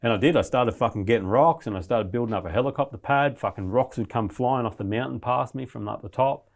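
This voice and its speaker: A man's voice: mid-range voice, fast talker, gravelly. A man, a podcast guest, recounting a survival ordeal in casual, heavily sworn storytelling. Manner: swears constantly, restless retelling of his ordeal.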